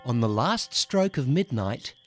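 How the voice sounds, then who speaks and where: A man narrating a rhyming children's story in a gentle, rhythmic way. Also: mid-range voice, sing-song, a little slow, faint music behind.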